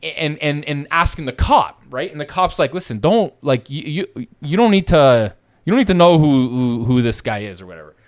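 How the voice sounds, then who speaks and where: Man, young adult, casual podcast storytelling, profane, animated, acts out quotes. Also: a little high, normal speed. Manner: profane, animated, acts out the other people's lines. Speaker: podcast host telling a story.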